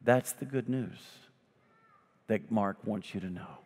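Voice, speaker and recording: Man preaching in a reverberant sanctuary. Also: breathy edge. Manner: swings between loud emphatic lines and low slow hushed ones; folksy humorous asides. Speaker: pastor. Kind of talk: sermon. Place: church sanctuary. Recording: long hall reverb.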